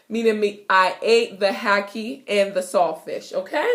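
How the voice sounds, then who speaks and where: A young woman with a Jamaican accent gives a playful, giggly patois lesson in her kitchen, repeating words slowly. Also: medium pitch. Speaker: vlogger teaching patois. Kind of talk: casual video lesson. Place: home kitchen.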